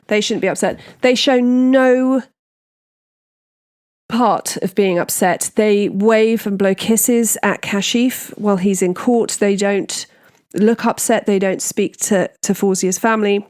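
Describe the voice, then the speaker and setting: A woman's voice: medium pitch, steady tone, slow, a little mellow. A woman hosting a true crime podcast, recapping a case in a casual, indignant, opinionated way.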